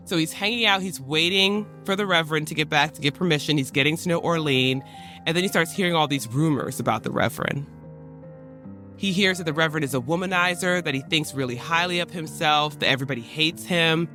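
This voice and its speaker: A man with a bright, forceful, fairly high voice tells a historical story as a casual podcast chat. He slips into modern slang and quick acted-out lines for the people in the story. Faint music sits behind him. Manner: retells history in modern slang, briefly acting out quoted characters. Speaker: podcast host.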